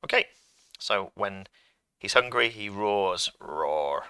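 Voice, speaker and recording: A man's voice: fairly low pitch, moderate pace, bright, forceful tone, no echo. A man teaching a coding lesson to pupils, chatty and playful as he talks through each step on a computer microphone. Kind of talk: screen-recorded coding lesson.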